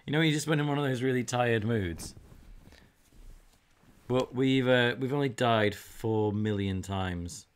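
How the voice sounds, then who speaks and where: A man's voice: medium pitch, takes it slowly, long pauses, clear, resonant tone. A man, streaming a video game and chatting in a joking way. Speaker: gaming streamer. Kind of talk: casual game commentary.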